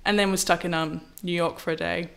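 A woman in casual storytelling, lively, acting out quoted lines with big pitch jumps. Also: a little fast, vocal fry. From Australia. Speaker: model, interview guest.

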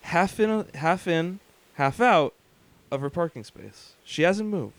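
A man, co-hosting a podcast, telling profane stories in an animated way with laughter. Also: fairly high pitch, slow pace. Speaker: podcast co-host. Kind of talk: casual chat, storytelling.

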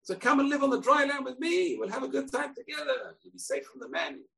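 A man's voice: very high voice, big pitch swings, a little fast, gravelly, a bit bright, distant mic, pitched above the performer's own voice, heavily acted. A man voicing a sly male fox in a parable, talking in a coaxing way.

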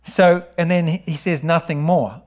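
A middle-aged New man preaching, his voice sitting a little high for a man. He tells his story with lively animation and keeps returning to his message. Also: moderate pace. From New Zealand. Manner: animated storytelling, rising high when excited. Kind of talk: sermon with personal testimony.

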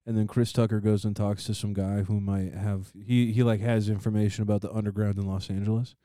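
A man's voice: on the low side, level tone, fairly quick, dark tone, dry recording, studio quality. A young man telling rambling stories in a casual chat with friends, laughing often.

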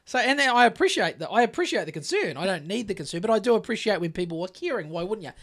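A man's voice: high-pitched, sing-song, fast talker, a bit bright. A man with a New Zealand accent, co-hosting a casual podcast and telling stories in a profane, ranting way. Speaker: podcast co-host.

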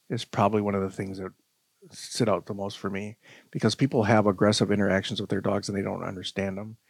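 A man's voice: on the low side, husky, no echo. A man who trains dogs, a guest on a podcast, explaining behavior patiently with everyday examples. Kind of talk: podcast interview.

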